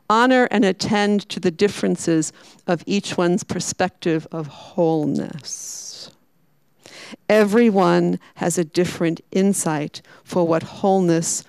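Gravelly woman giving a spiritual talk. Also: on the low side, no room sound, rough recording. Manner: emphatic, slows down and repeats key words. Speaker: Franciscan sister giving a talk.

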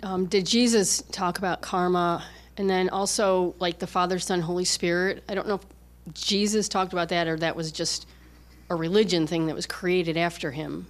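A woman's voice: lowish voice, fairly even intonation, moderate pace. A woman in the audience asking a question about religion, tentative and with many fillers.

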